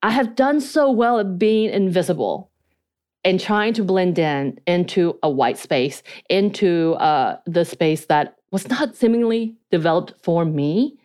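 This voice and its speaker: A woman's voice: lowish voice, expressive, a little slow, darkish tone. A woman co-hosting a podcast, talking in a reflective, analytical, self-questioning way in casual chat. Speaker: podcast co-host.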